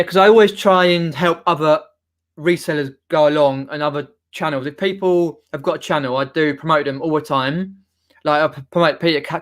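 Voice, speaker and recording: A man's voice: a little high, a bit bright. A young man from near London with a Mockney accent, chatting casually on a live stream, reading viewer comments and rambling with many restarts. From southern England, near London. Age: young adult.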